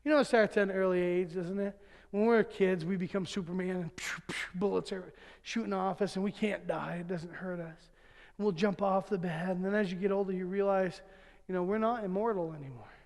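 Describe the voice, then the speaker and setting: A middle-aged male pastor with a notably high voice, preaching in a church sanctuary. His words ring out with a long hall reverb. He mixes chuckling family anecdotes with earnest appeals. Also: steady tone, brisk, gravelly. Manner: chuckles through his own jokes, then turns earnest. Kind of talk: sermon with humorous family stories.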